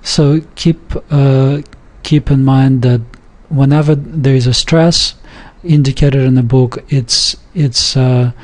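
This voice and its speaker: A man teaching a recorded language lesson, reading example words aloud and explaining the rules deliberately. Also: mid-range voice, steady tone, darkish tone.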